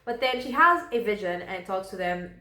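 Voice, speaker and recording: A woman's voice: mid-range voice, animated, normal speed, sharp tone, reverberant. A woman casually recapping a novel for her book vlog, rambling and filling gaps with "like". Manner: rambling, fills with "like". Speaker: book vlogger.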